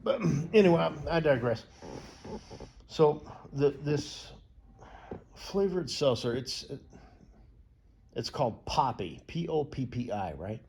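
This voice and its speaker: A young man from the US rambles through a casual story, swearing freely and circling back on himself. His voice is husky and a little rough, pitched in an ordinary middle range. He keeps stalling and restarting mid-sentence. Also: lively intonation, takes it slowly, long pauses, a little mellow. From United States. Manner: profane, digressive, many fillers and restarts.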